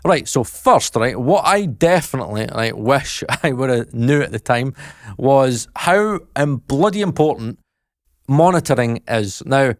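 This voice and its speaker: A man's voice: medium pitch, lively intonation, a little slow, no room sound, studio quality. A Scottish man in his thirties rambling self-deprecatingly in a casual vlog, laughing often. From Scotland. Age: 30s. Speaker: YouTuber and mixing engineer.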